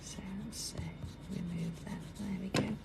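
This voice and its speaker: A British woman hosting a live craft tutorial, chatting as she works and dropping to a soft whisper while she draws. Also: medium pitch, fairly even intonation, unhurried, gravelly, very noisy. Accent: British English. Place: busy indoor craft workroom.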